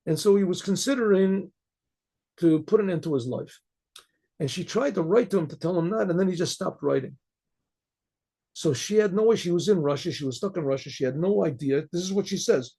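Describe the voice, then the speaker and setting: A man, a rabbi, telling a story in a casual, halting way with many restarts and frequent throat clearing. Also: high voice, animated, warm tone.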